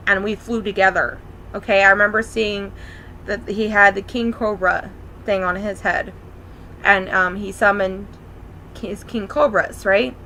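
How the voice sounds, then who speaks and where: A woman's voice: medium pitch, pushed and bright, a little hiss or hum, poor audio. A young woman vlogger earnestly recounting a dream in a rambling, casual monologue full of fillers. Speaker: spiritual vlogger.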